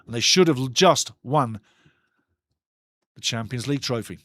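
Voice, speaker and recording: A man's voice: mid-range voice, unhurried, a bit bright, no echo. A man hosting a live football watchalong, talking passionately and ranting about refereeing calls in a chatty way. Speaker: watchalong host.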